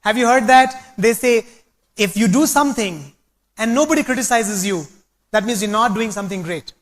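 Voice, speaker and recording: A man's voice: high voice, moderate pace. A man giving a rousing, preachy motivational talk, telling anecdotes to an audience. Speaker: speaker at a business meeting.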